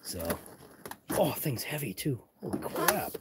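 A man's voice: mid-range voice, very animated, unhurried, heavy background noise. A man with a Massachusetts accent who drops his R's, chatting casually as he walks a camera through a large hobby shop, rambling and muttering asides. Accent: Boston-area Massachusetts, non-rhotic. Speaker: channel host. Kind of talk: live walkthrough vlog.

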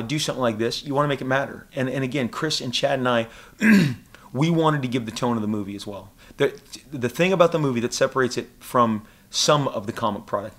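Middle-aged man, comic creator being interviewed, animated and excitable, slips into goofy voices for quotes. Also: mid-range voice. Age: 40s. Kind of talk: animated casual interview talk. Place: convention interview room.

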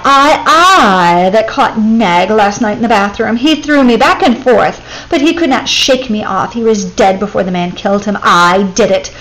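A woman's voice: medium pitch, fairly bright tone, lightly acted, rough recording. A woman voicing a brave, boastful young male mongoose who issues eager, defiant challenges in a storybook.

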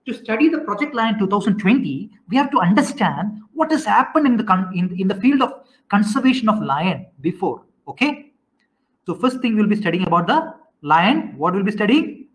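A man lectures an online class in a high voice. He keeps quizzing his students and repeats questions with halting restarts. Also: very animated, low-quality recording. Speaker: teacher.

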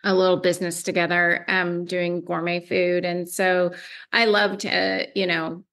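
A middle-aged woman, a guest artist in a casual interview, modest and agreeable, quick to laugh. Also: lowish voice, flat delivery, a bit bright.

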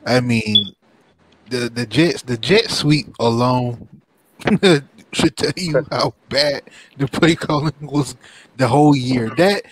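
A man's voice: mid-range voice, takes it slowly, low-quality recording. A man co-hosting a casual sports talk stream, blunt and laid-back in how he talks.

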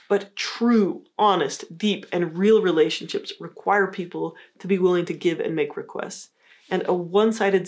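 A woman psychologist giving a calm, encouraging educational talk, acting out example phrases in a lighter voice. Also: medium pitch. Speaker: psychologist teaching a course. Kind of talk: scripted educational explainer.

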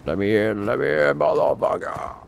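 A man's voice: lowish voice, expressive, normal speed, gravelly, a little hiss or hum. A middle-aged man giving exasperated, profane live commentary while playing a game, talking to himself at a desk mic. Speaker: gaming channel host.

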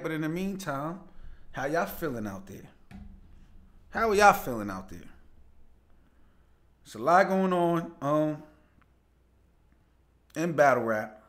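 A young man with a slightly high voice hosts a casual livestream. He talks loosely and reads viewer comments aloud, greeting people by name and laughing easily as he goes. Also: fairly bright tone. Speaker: live show host.

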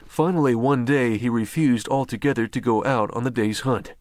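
Male audiobook narrator, measured and even, mid-pitched, very dry close-mic read. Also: dry recording. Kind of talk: scripted narration.

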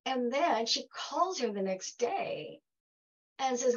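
A woman's voice: fairly high pitch, very animated, slow, highs cut off. A woman giving a heartfelt talk to an audience, telling stories and acting out quoted dialogue. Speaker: guest speaker.

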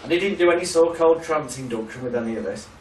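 A man's voice: on the high side, expressive, fast talker, roomy sound, recorded from a distance, slight background noise, poor audio. A man teaching a hypnotherapy class in a loose, chatty storytelling way, swearing freely and laughing at his own stories. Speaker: hypnotherapy trainer. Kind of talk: casual storytelling lecture.

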